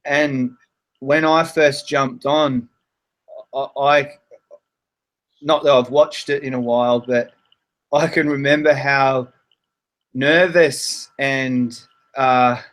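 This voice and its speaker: A man speaking as a guest in a casual chat, hesitant and reflective, with many halting restarts. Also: mid-range voice, steady tone, fairly bright tone.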